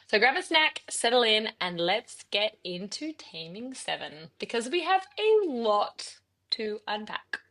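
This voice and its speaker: A woman's voice: a little high, big pitch swings, unhurried, a bit bright. A woman co-hosting a book vlog, reading an upbeat, emphatic intro.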